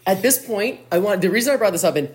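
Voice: medium pitch, lively intonation, fast talker. Chatty podcast co-host adding trivia. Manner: chatty, jumps in with trivia and asides. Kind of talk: casual podcast chat.

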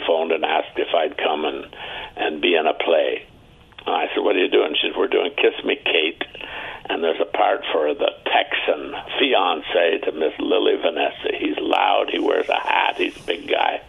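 Very deep gravelly older man, phone line. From Ontario, Canada. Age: 70s. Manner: chatty anecdotal storyteller, acting out quoted voices. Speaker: interview guest. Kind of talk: storytelling interview.

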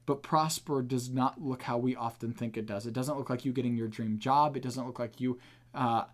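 A man's voice: medium pitch, steady tone, moderate pace. A man hosting a podcast and teaching on the Bible in an earnest, emphatic, casual way.

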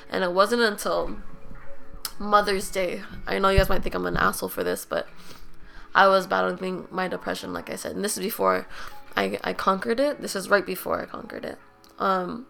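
A young woman telling her own painful story with deep vocal fry running through her speech. Her tone is bright and sharp. She sounds raw and blunt, leans on "like" constantly, and swears casually. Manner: raw, emotional, heavy use of "like" fillers. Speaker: podcast host. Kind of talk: candid personal storytelling.

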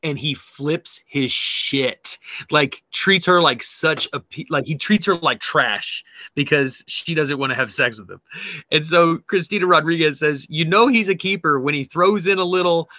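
Man, fairly high voice, lively joking podcast chat, muffled sound. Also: no echo. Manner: animated, laughing, profane storytelling. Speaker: podcast co-host. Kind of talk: casual chat reading memes.

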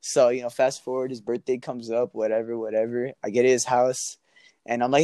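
A man's voice: medium pitch, little pitch movement, brisk, dark tone, no echo, studio quality. A young man telling a story in a casual, slangy way and laughing often. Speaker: guest.

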